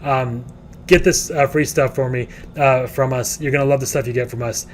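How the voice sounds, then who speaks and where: A man's voice: mid-range voice, fairly even intonation, normal speed, slight background noise. A man, a real estate educator, telling a long story in a casual, rambling way with many restarts.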